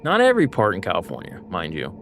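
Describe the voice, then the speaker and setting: A man's voice: low-pitched, huge pitch swings, fast, vocal fry, fairly bright tone, a little hiss or hum. Rambling American man chatting mid-stream. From United States. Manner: rambling, filler-heavy, easygoing. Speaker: gaming streamer. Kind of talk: casual rambling chat while playing.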